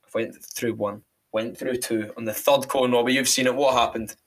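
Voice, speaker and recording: A man's voice: mid-range voice, fairly even intonation, normal speed, a bit bright. A man with a Falkirk and Glasgow Scottish accent, hosting a casual podcast and telling stories against himself in a chatty way. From Scotland. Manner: self-mocking, chatty storyteller. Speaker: podcast host.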